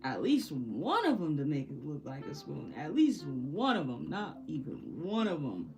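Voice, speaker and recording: Low-voiced woman chatting while she paints. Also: very animated, moderate pace. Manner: frustrated, self-deprecating, laughs often. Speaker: painting vlogger. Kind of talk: casual chat while painting. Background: soft background music.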